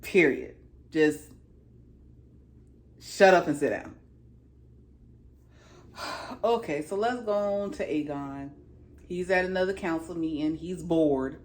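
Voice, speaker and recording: Animated woman recapping a TV episode. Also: sits low, takes it slowly, pauses often. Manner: animated, emphatic, slangy. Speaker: TV show reviewer.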